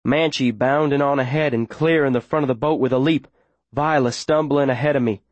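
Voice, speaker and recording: A man narrates a first-person story in an urgent, breathless, tense way. His voice sits at a middle pitch. The recording is close and dry, with no room sound. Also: fairly even intonation, fairly quick, dry recording. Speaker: audiobook narrator.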